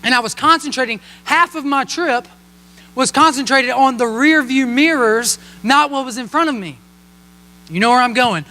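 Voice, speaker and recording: A young man in his twenties, a pastor telling a joking personal story in a sermon, animated and playful. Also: extremely high pitch, normal speed. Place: church hall. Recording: long hall reverb.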